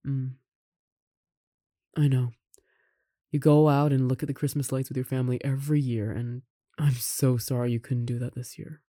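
A performer voicing a caring roommate who confesses love in a romantic audio roleplay, speaking softly with gentle laughs and sighs. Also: medium pitch, level tone, moderate pace, long pauses, no room sound, clean studio sound, close to an everyday voice. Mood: tender.

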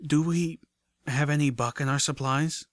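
A man playing a gentle pony healer mare. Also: a little high, fairly even intonation, a little slow, dry recording, voice pushed up, natural voice. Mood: pleading.

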